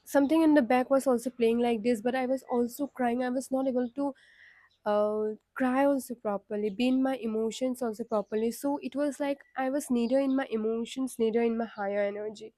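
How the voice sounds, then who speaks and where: Woman vlogger, reflective and candid, soft dark tone, dry room. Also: on the high side, fairly even intonation, brisk, dry recording. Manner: reflective, candid, frequent fillers. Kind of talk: casual personal vlog.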